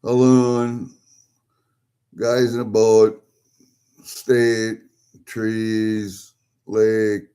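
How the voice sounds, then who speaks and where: Low, mellow man rambling over an unboxing. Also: completely flat delivery, drawn-out words, pauses often, clean tone. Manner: muttering to himself, rambling. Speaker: vlogger opening packages. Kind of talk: casual unboxing commentary.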